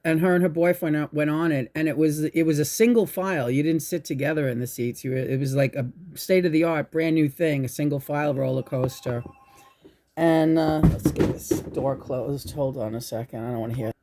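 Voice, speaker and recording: A woman hosting her own channel, telling a spiritual story in a rambling, halting way, restarting her sentences and swearing. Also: low voice, warm tone, slight background noise. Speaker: channel host. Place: indoors at home.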